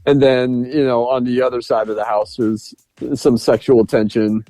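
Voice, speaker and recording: A man's voice: mid-range voice, flat delivery, moderate pace, mellow, dry recording, faint music behind. A man co-hosting a podcast, rambling through movie scenes in casual chat with lots of fillers. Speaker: podcast co-host. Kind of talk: casual film review chat.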